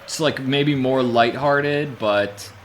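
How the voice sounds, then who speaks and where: A man streaming a video game, talking casually and rambling, then bursting into loud excited shouts during play. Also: mid-range voice, takes it slowly, slight background noise. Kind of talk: casual live gameplay commentary.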